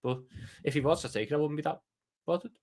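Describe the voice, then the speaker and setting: A man's voice: fairly high pitch, quick pace, darkish tone. A man with a Scouse accent, co-hosting a football watchalong in casual, sweary, joking banter. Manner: blunt, sweary, jokey banter. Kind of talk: casual chat.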